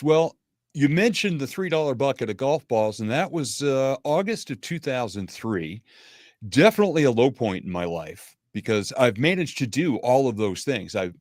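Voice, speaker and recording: A man's voice: mid-range voice, no room sound, clean studio sound. A middle-aged man, a podcast guest, telling his life story steadily and with self-deprecating humor. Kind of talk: interview storytelling.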